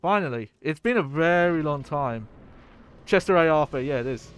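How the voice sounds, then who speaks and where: A man's voice: on the high side, expressive, moderate pace, clear, resonant tone. A man streaming a video game, rambling casually and chatting with his viewers. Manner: rambling, chatty, swears and laughs. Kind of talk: casual gameplay commentary.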